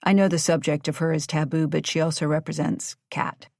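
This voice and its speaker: A clipped, businesslike male attorney, read by a woman narrator, delivered in a low voice that stays close to her own. The tone is matter-of-fact, and the recording is dry and close. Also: steady tone, brisk, gravelly, darkish tone, no echo. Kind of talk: audiobook dialogue reading.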